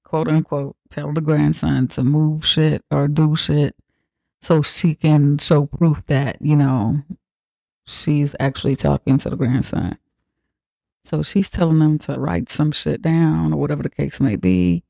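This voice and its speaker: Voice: medium pitch, a little slow, gravelly, warm tone, dry recording, clean studio sound. A podcast host giving a rambling, profane comedic recap of a horror film, full of fillers like "like" and "you know.".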